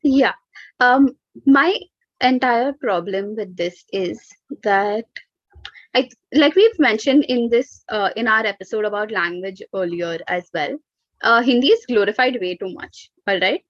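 A woman's voice: on the high side, a little slow, no room sound. A woman co-hosting a casual podcast, ranting animatedly and dropping into Hindi asides. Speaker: podcast co-host. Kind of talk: casual chat. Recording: dull, lo-fi dry recording.

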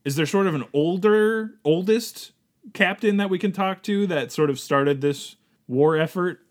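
A man voicing a newly arrived young male recruit who talks in a hesitant, apologetic way with deadpan asides. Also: high voice, a little slow. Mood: awkward. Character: newest young male recruit, awkward and eager. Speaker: podcast co-host. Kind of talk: improvised comedy role-play.

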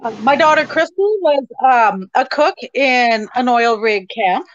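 Middle-aged woman recounting her own story in an interview, halting speech, slightly high-pitched, muffled lo-fi sound. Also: animated. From Canada. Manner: hesitant, halting with many ums. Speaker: interview guest. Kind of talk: personal storytelling.

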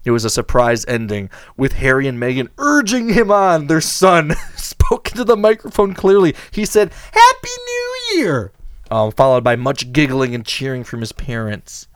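Sarcastic, animated male podcast host. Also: medium pitch, moderate pace, few pauses, clear, resonant tone, dry recording. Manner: sarcastic, animated, laughs often. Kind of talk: casual chat.

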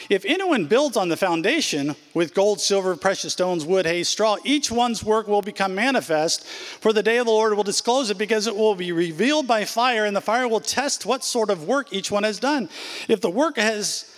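A man's voice: high voice, a bit bright, big-room sound. A pastor in his sixties preaching a sermon in a church, emphatic, stacking repeated phrases and dropping in casual asides. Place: church sanctuary.

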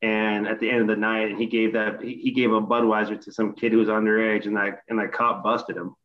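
A middle-aged man in casual chat, retelling a story with animated, profane energy. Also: lowish voice, brisk, highs cut off. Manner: animated, profane retelling, voice rising in quoted outbursts.

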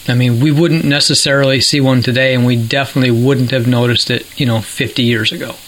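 A man's voice: medium pitch, fairly bright tone, slight background noise, rough recording. A man co-hosting a podcast in casual chat, chatty and laughing at his own stories. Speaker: podcast co-host.

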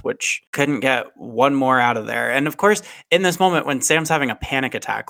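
A man co-hosting a podcast, summarizing film plot in casual, steady chat. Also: mid-range voice, fairly quick, hardly any pauses, no room sound. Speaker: podcast co-host.

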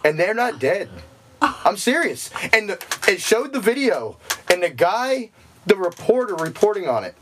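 A man co-hosting a podcast in casual chat, telling stories in an animated, jokey way. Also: high-pitched, normal speed, slight background noise. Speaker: podcast co-host.

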